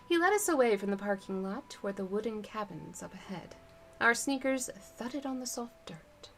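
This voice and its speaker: A woman streamer reading a book aloud live, with chatty, relaxed asides to her viewers. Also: medium pitch, normal speed, soft background music.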